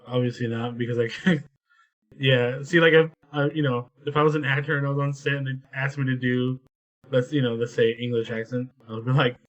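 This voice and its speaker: A man's voice: mid-range voice, flat delivery, brisk. A man co-hosting a podcast in casual film review chat, laid-back and agreeable. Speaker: podcast co-host. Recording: dull lo-fi audio.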